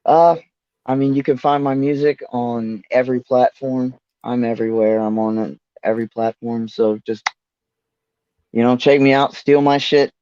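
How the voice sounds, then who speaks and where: A man's voice: medium pitch, steady tone, normal speed, darkish tone, clean tone, no room sound. A man talking as a guest rapper in a rambling, laid-back way, swearing casually. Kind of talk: casual interview chat. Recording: dull lo-fi dry audio.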